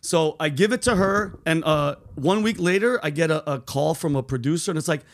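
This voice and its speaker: A man hosting a casual podcast, telling stories in a profane, animated way, full of bro and dude. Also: fairly high pitch, a little fast, hardly any pauses. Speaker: host.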